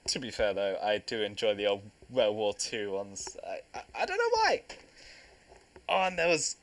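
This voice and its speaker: A young man, hosting a casual podcast chat, jokey and quick to laugh. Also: on the low side, huge pitch swings, fairly bright tone. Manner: jokey, teasing, laughs often. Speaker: podcast host.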